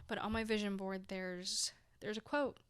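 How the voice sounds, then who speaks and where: A woman's voice: medium pitch, flat delivery, moderate pace, smooth, no room sound. A woman in her twenties hosting her own show, talking casually and heartfelt to her listeners, effusive and giggly. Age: 20s. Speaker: podcast host. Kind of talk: casual solo talk to listeners.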